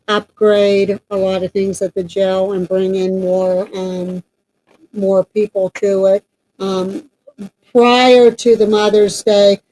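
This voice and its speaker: A woman talks in a loose, rambling way, full of ums and restarts. Her voice is mellow and dark, set at an ordinary pitch for a woman. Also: a little hiss or hum, low-quality recording. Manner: chatty, rambling with many fillers. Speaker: paranormal team member and co-host. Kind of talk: casual announcement chat.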